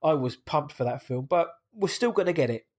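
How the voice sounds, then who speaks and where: A British man co-hosts a casual movie podcast, chatty and enthusiastic, sounding a bit nasal from hay fever. His voice is fairly high with lively intonation and a slightly fast pace.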